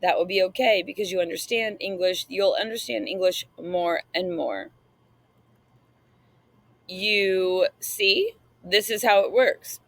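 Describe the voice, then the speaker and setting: A woman reading an audiobook voices a cheerful, brisk female language teacher who speaks energetically and encouragingly. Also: medium pitch, dry recording.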